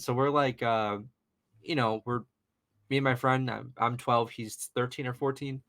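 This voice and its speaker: A young man in his twenties tells a ghost story in a loose, rambling podcast chat. His voice sits at an ordinary middle pitch for a man. He keeps the story moving with plenty of "you know" and "uh.". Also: wildly swooping pitch, slow pace, long pauses, fairly bright tone. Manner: chatty, rambling, lots of fillers and "you know". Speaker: guest paranormal investigator. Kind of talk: casual storytelling in a podcast interview.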